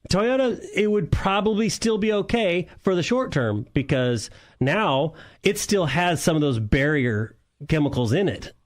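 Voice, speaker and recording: A man who talks in a somewhat raised pitch, telling rambling shop stories on a car call-in radio show. He keeps it loose and conversational and chuckles often between his points. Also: big pitch swings, a little slow. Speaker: car show co-host and mechanic. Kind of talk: casual radio chat.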